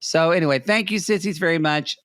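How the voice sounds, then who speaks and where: A man's voice: fairly high pitch, a little fast, fairly bright tone, dry recording. A man co-hosting a comedy podcast in casual chat, full of dry, sarcastic quips. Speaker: podcast co-host.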